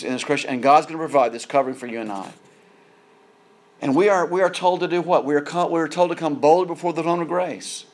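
A man preaching a sermon in an earnest way, often repeating words as he builds emphasis. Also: a little high.

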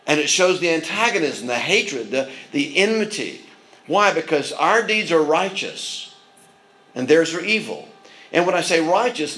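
A man with a somewhat high voice preaching a sermon. He speaks earnestly, restarting phrases and adding asides as he goes. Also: a bit bright, poor audio. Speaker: pastor.

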